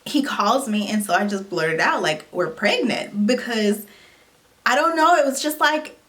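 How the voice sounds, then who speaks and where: A woman's voice: fairly high pitch, normal speed. Chatty young woman vlogging to camera. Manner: animated, lots of "like" and "you know" fillers. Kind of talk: casual personal storytelling to camera.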